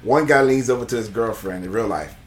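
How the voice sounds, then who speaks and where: Male podcast co-host, mid pitch, loose rambling recap with faint guitar music underneath. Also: brisk. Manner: rambling, laughs often, swears casually. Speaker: podcast co-host reviewing a movie. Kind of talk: casual chat.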